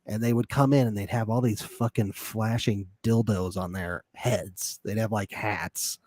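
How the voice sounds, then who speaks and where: A man's voice: lowish voice, steady tone, unhurried, a little mellow, no echo. Young man, podcast co-host, sarcastic, laughs a lot, dry close mic. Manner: laughs often, jokey and sarcastic. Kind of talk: casual recap chat.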